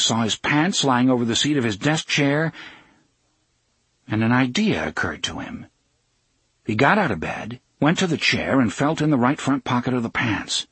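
A man narrating a novel in a measured, steady storytelling manner. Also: mid-range voice, breathy edge, dry recording. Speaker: audiobook narrator. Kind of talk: scripted narration.

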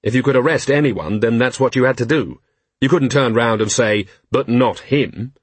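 A man narrating an audiobook in an expressive, wry storytelling manner. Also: mid-range voice, brisk, slightly rough, no echo.

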